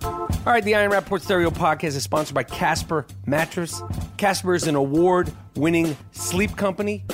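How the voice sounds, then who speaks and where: A man's voice: on the high side, moderate pace, over music. Brash, profane male podcast host. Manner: brash, profane and rambling, with repeated "okay?". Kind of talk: sports talk and host-read ad.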